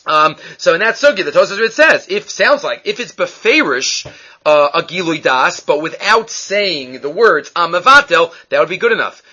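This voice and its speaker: A man's voice: fairly high pitch, sharp tone, dull audio. A man teaching a Talmud class, asking and answering his own questions as he explains.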